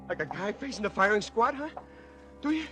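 A man's voice: high voice, big pitch swings, fairly quick, fairly bright tone, soft background music. An actor playing a condemned male killer in a radio drama, talking tough-guy slang and pressing others with taunting questions. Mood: swaggering. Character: condemned male killer, boastful, cracking under fear. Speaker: prisoner. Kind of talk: 1940s radio acting.

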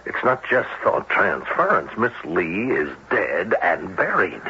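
An actor playing a skeptical police captain, questioning a witness in an old-time radio drama. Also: male voice, low voice, wildly swooping pitch, sharp tone, breathy edge, full character voice. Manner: questioning, skeptical, brisk interrogation. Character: probing male police captain. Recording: dull old radio broadcast with faint hiss.

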